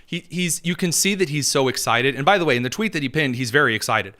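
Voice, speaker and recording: A man's voice: mid-range voice, expressive, fast, sharp tone. A man hosting a political commentary show, talking in a sarcastic, mocking way. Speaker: podcast host.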